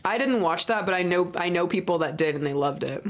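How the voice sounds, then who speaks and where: A woman livestreamer chatting casually to her viewers while playing a game, bubbly and playful, with baby talk, casual swearing and high squeals when excited. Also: brisk. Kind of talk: casual gameplay chat.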